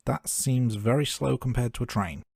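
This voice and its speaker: A man's voice: medium pitch, moderate pace, vocal fry, darkish tone, breathy edge, no echo, studio quality. A man co-hosting a film podcast, chatting casually and joking at his own remarks. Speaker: podcast co-host. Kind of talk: casual film-review chat.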